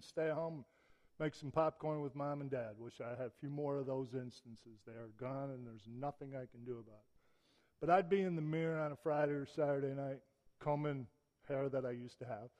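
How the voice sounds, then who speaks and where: A man's voice: on the high side, darkish tone. A middle-aged man from Michigan preaching a sermon, telling personal stories in a conversational way with emphatic rises. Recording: long church reverb.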